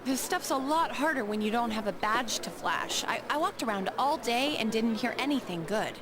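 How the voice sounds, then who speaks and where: A woman's voice: a little high, lively intonation, normal speed, background noise, natural voice. A woman voicing a tired teenage girl in a video game, complaining after a long day.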